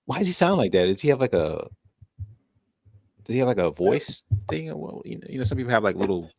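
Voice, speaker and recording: A man's voice: mid-range voice, big pitch swings, quick pace, vocal fry, a little mellow, no room sound, studio quality. A man hosting a casual reaction stream, joking and sounding incredulous as he laughs often.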